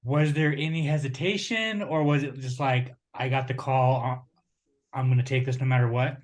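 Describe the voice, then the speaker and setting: A man interviewing a fighter in a relaxed, laughing way, often repeating his phrases. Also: medium pitch, moderate pace. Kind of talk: casual interview.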